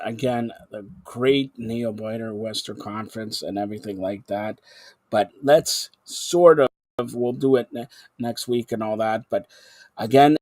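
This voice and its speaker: A man's voice: lowish voice, a little mellow, no echo, clean studio sound. Chatty male sports talk host. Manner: chatty, rambling, announcer-like.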